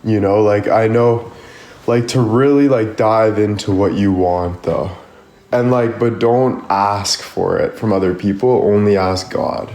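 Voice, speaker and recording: A man's voice: lowish voice, measured pace, darkish tone. A man on a livestream, giving casual motivational talk in a rambling way, full of "like" and "you know". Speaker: social media creator on a livestream. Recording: echoey room with faint music behind.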